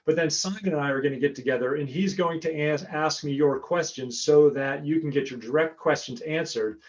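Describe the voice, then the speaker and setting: A man's voice: a little high, brisk. American man speaking over dull call audio. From United States. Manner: chatty, repeats words while finding his thread. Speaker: guest speaker, author. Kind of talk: webinar presentation. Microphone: remote call audio.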